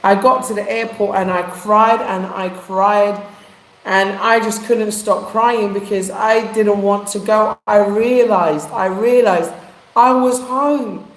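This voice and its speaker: Emotional woman telling her story, echoey room. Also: medium pitch. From England. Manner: emotional storytelling, warm street slang. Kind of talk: casual chat.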